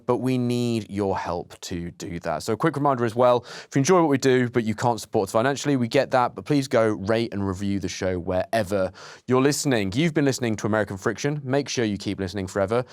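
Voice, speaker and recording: A man hosting a casual podcast, with a dry, flat way of talking. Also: on the low side, no echo. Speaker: podcast host.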